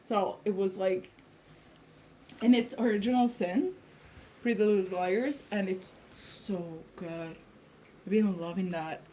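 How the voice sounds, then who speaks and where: A woman's voice: medium pitch, steady tone, slow pace, long pauses, mellow, a little hiss or hum. A woman from Italy, co-hosting a casual podcast chat. She talks freely, with lots of fillers and self-corrections. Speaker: podcast co-host.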